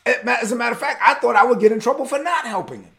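A man's voice: high-pitched, sing-song, a little fast, vocal fry, voice pushed up, exaggerated voice. A male preacher voicing a bewildered priest protesting his innocence to a king. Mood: indignant. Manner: protesting, exasperated.

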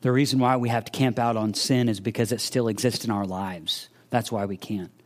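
A man's voice: mid-range voice, a little fast. A man preaching a sermon, earnestly asking searching questions and acting out the voices of imagined listeners. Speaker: pastor.

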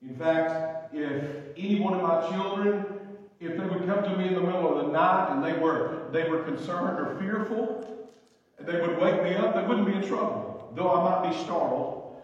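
A middle-aged male pastor preaching with a high-pitched voice, stressing and repeating his key phrases between long pauses. He sounds far from the mic, in a large hall with a long, booming echo. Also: muffled recording. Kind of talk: sermon.

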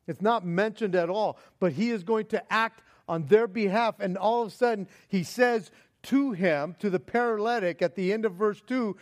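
High-voiced male preacher, animated storytelling. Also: normal speed. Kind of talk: sermon.

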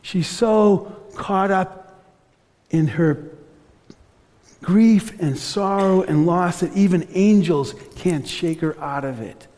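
Slow, mellow-voiced pastor in a reverberant hall. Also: male voice, high-pitched. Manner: earnest, slows and softens on reflective passages. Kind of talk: sermon.

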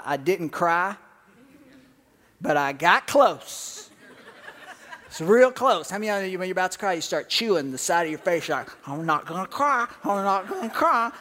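A man's voice: fairly high pitch, a bit bright. A man preaching a sermon as pastor, telling joking stories with bursts of laughter.

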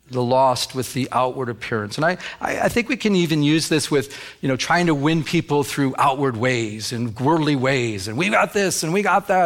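A middle-aged man preaching a sermon as pastor, talking to the congregation in a conversational way and acting out little dialogues. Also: a little high. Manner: conversational, acts out dialogue with God.

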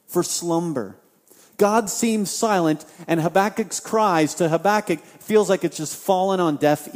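A man preaching a sermon, swinging from loud, impassioned outbursts to quiet appeals and repeating phrases for emphasis. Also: high voice. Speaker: pastor. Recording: long hall reverb.

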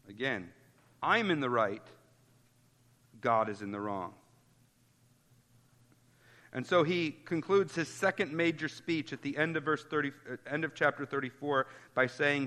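A man's voice: mid-range voice, measured pace, long pauses, bright, forceful tone, in a large hall. A pastor giving an earnest expository sermon, citing chapter and verse as he goes.

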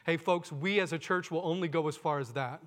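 A man's voice: fairly high pitch, a little fast, a bit bright, in a large hall. A man preaching a sermon to his congregation, earnest, often asking them questions and calling them "folks". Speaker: pastor.

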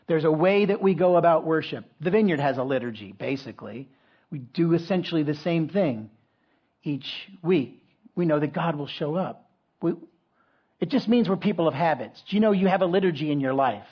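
Husky-voiced man preaching a sermon. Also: on the high side, normal speed. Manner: conversational, frequent restarts and asides. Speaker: pastor. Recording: dull lo-fi sound.

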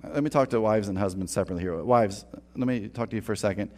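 A man's voice: lowish voice, very fast, darkish tone. A man preaching a sermon in a church, conversational and repeating words as he starts phrases. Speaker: pastor. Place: church sanctuary.

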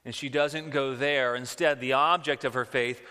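Bright-voiced guy preaching, lots of questions and restarts, big echoey hall. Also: mid-range voice, normal speed, clean tone. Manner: animated, rhetorical questions, repeats words. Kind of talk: sermon. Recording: long hall reverb.

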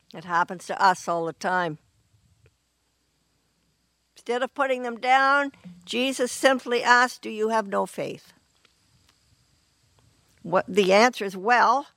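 A woman preaching a sermon in an earnest, unhurried way, often clearing her throat. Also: a little high, a bit bright, dry recording.

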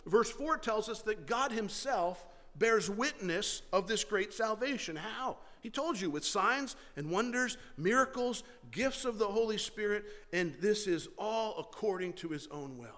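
High-voiced pastor preaching in a hall. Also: male voice, expressive, unhurried, hardly any pauses, bright, forceful tone. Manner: earnest, conversational preaching with rhetorical questions. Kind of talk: sermon.

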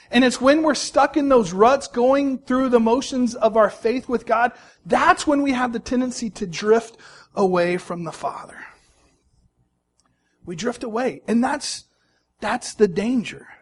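High-voiced man preaching a sermon. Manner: storytelling, lively swings between loud emphasis and soft, low asides.

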